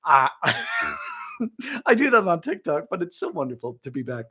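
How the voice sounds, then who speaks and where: Young man, livestream host, playful and jokey, very lively pitch, chatty. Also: a little slow, slightly rough. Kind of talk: live chat, reading viewer comments.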